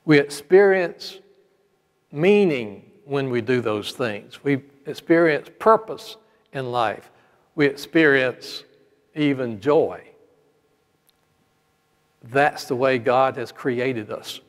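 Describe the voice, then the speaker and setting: Slow, measured preacher in a reverberant hall. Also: male voice, medium pitch. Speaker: pastor. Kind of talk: sermon storytelling.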